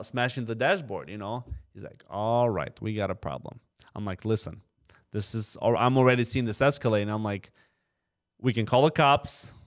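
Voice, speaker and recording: A young man telling a story in a casual podcast interview, acting out the voices of the people he quotes and leaning on fillers like "you know". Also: medium pitch. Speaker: trucking company co-owner, podcast guest.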